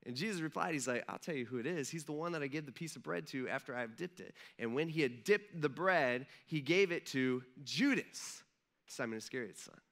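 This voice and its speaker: A man's voice: a little high, expressive, fairly quick, fairly bright tone. A young adult male pastor preaching a casual, storytelling sermon, acting out the voices of people in the story.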